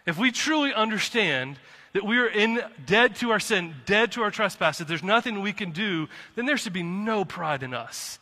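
A man preaching a sermon as pastor from the pulpit, impassioned, swinging from quiet to fired-up. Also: high voice, expressive, normal speed. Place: church sanctuary. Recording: long reverb of a hall.

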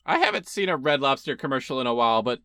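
A man's voice: medium pitch, animated, fast talker, bright, forceful tone, clear, resonant tone, dry recording, studio quality. A young man co-hosting a podcast in casual, opinionated chat, rambling with restarts. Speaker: podcast co-host.

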